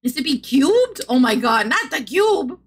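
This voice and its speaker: A woman's voice: sits high, sing-song, unhurried. A woman streamer from the American South chatting casually with her audience, giggling often and swearing freely. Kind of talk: casual live-stream chat.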